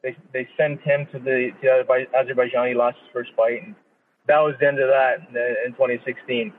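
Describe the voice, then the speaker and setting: Man from canada, pro boxer guest, profane animated storyteller, tinny phone-line sound, long echo. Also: mid-range voice, moderate pace, slight background noise. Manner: profane, animated storytelling with quoted inner speech. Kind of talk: casual interview storytelling.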